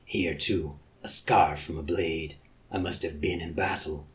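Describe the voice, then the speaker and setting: A man voicing a bewildered giant warrior with a leopard head, who speaks in a low, slow mutter. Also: fairly even intonation, a bit bright, a little hiss or hum.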